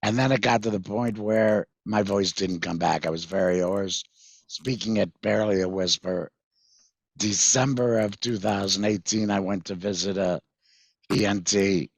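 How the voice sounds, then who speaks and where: A man with a deep, husky voice recounts his own experience as a guest, pausing often and circling back with fillers and restarts. The recording is dry and close, with no room sound around him. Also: fairly even intonation, dry recording. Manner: halting, many fillers and restarts. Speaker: guest, patient mentor. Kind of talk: recounting a personal story in conversation.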